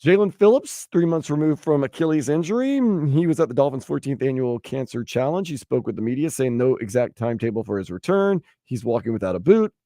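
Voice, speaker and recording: A man hosting sports talk radio, bantering and joking in a lively way. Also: mid-range voice, fairly quick, hardly any pauses, dry recording, clean studio sound. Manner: animated, jokey, puts on silly voices for stories. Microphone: studio microphone.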